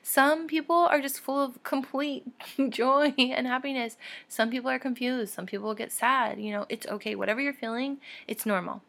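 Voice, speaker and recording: A young adult woman hosting her own podcast, talking candidly and warmly to listeners with soft laughs and fillers. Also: high-pitched, moderate pace, vocal fry. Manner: heartfelt and encouraging toward listeners. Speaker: podcast host. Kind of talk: casual solo podcast talk.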